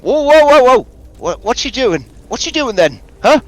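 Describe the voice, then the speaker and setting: A man voicing a jumpy, blustering old woman ghost hunter in a high, excitable put-on voice. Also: normal speed, no echo. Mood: alarmed, threatening.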